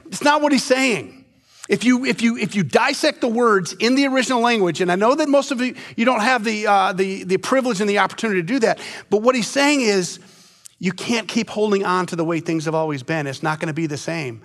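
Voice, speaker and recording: A man pastor giving a conversational sermon, often restarting his sentences and dropping soft and low at tender moments. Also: lively intonation, moderate pace.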